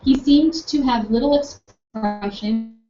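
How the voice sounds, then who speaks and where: A woman's voice: a little high, slow pace, faint music behind. A young adult woman telling a personal story with enthusiasm, acting out both sides of a conversation. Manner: enthusiastic, animated, acts out both sides of the dialogue. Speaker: speaker recounting a campus conversation. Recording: echoey, distant, dull room sound with faint noise.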